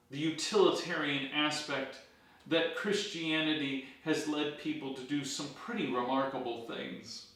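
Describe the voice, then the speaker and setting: Slow, emphatic man in a very echoey church. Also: fairly high pitch, fairly bright tone. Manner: emphatic, asks the listeners rhetorical questions. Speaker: pastor leading a Bible study. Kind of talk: Bible study teaching. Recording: very echoey room, voice far from the mic.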